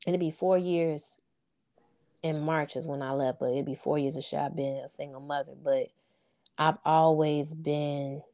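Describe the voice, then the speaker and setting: Earnest woman with a low, mellow voice. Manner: earnest, heartfelt and informal, with frequent "you know what I'm saying". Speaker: interview guest, single mother of sons. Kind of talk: casual heartfelt interview chat.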